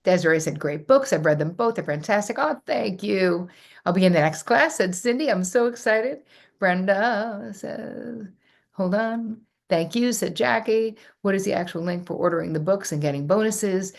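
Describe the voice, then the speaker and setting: A woman's voice: medium pitch, normal speed, gravelly. A middle-aged woman hosting a live workshop, reading out viewer comments and answering them with effusive enthusiasm. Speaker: host.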